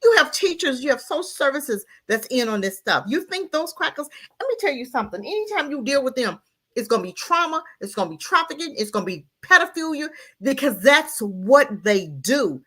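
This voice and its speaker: A woman's voice: high voice, sing-song, fast talker, sharp tone. A woman co-hosting a talk radio show, speaking with impassioned emphasis and firing off rhetorical questions. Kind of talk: heated opinion talk.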